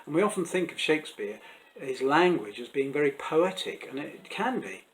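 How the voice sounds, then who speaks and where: A man's voice: fairly high pitch, very animated, normal speed, poor audio. A man, an actor and Shakespeare teacher, talking to camera in a friendly explanatory way, chatty with small stumbles and restarts. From England. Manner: chatty, stumbles and restarts, taps out rhythms softly.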